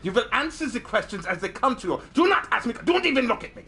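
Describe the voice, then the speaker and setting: A man's voice: very high-pitched, very animated, extremely slow, a bit bright, pitched above the performer's own voice, full character voice. A man putting on a stern German waiter. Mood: domineering. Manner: curt, commanding. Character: stern German waiter, male, adult, domineering.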